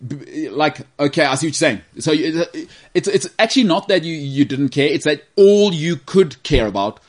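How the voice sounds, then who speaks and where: A man's voice: a little high, moderate pace. Male podcast host, teasing, casual banter. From South Africa. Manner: teasing, joking, animated.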